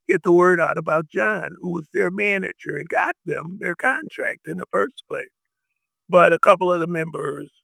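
An older man rambling through memories in a casual interview, halting with fillers. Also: a little high, creaky, pushed and bright, no echo, rough recording. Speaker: interviewee recalling the past. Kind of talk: casual storytelling.

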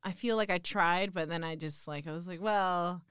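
Chatty Texan woman, smooth voice. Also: on the low side, moderate pace, a bit bright, no echo, clean studio sound. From Texas. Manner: chatty, self-deprecating, laughs often. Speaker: guest. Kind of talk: casual chat.

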